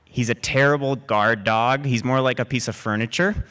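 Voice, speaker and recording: A man telling a true personal story live on stage in a lively way. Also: medium pitch, moderate pace. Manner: lively, acts out quoted voices. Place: live stage before an audience.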